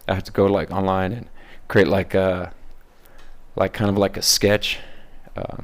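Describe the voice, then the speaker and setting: A man's voice: deep voice, level tone, unhurried. A man talking casually about how he makes his voice videos, hesitant with many fillers. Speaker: voice-impression creator. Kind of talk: casual behind-the-scenes commentary.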